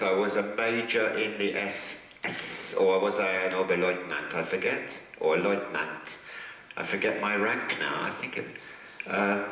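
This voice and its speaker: A man with a low voice, heard from across an echoey hotel function room as he answers questions. He tells rambling, self-mocking stories and chuckles at his own jokes. The sound is distant, with heavy reverb from the hall. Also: fairly bright tone. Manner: rambling, joking anecdotes with chuckles. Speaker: guest actor at a fan convention. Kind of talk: convention Q&A storytelling.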